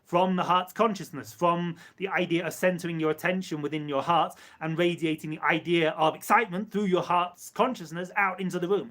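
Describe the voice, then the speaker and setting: A man with a slightly high voice channels an entity live. He speaks as "we" in slow, measured phrases and repeats words for emphasis. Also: steady tone, fairly bright tone. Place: live stream.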